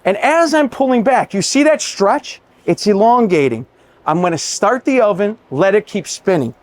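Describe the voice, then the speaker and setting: Male chef, middle-aged, high voice, animated, enthusiastic cooking demo. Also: moderate pace. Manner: enthusiastic, chatty, addresses viewers as guys. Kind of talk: cooking demonstration.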